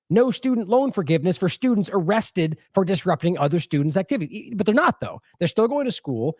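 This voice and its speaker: A male commentary host with a high, lively voice that jumps around a lot. He talks in a sarcastic, mocking way, recorded close on a dry mic with no room sound. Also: dry recording. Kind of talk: opinionated commentary.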